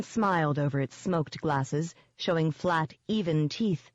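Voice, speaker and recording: An audiobook narrator reading a first-person novel in a steady, even storytelling manner. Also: medium pitch, unhurried, hardly any pauses, no echo, dull audio.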